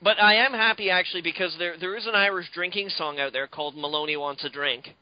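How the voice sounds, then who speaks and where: Guy on a podcast, kinda high voice, rambles and swears, muffled dry lo-fi audio. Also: fast talker, no room sound. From Canada. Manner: rambling, profane, animated. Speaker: podcast co-host. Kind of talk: casual podcast chat. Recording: dull lo-fi, dry.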